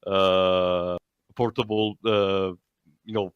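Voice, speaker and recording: Halting, filler-heavy male co-host. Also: deep voice, level tone, dull audio, slight background noise. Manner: halting, many fillers and restarts. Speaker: podcast co-host. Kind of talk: casual movie commentary.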